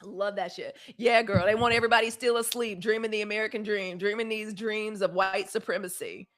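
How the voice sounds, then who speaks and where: A woman's voice: medium pitch, a little fast. A woman from Mississippi, hosting a live news stream and talking casually to her viewers. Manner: animated, talks to her chat, swings loud and soft. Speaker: host.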